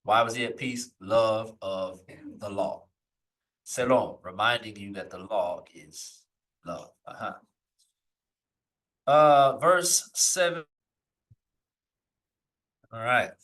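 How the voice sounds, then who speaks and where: A man teaching a live lesson, reading old texts slowly aloud and then explaining them in loose, searching asides. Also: on the low side, lively intonation, a bit bright, recorded from a distance, poor audio. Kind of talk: live recorded scripture lesson.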